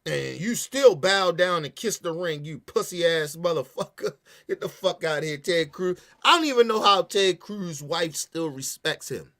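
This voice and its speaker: A man's voice: a little high, lively intonation, moderate pace, a bit bright. A man rants through heated, profane commentary. He talks emphatically and animatedly, hammering his points again and again. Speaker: podcast host.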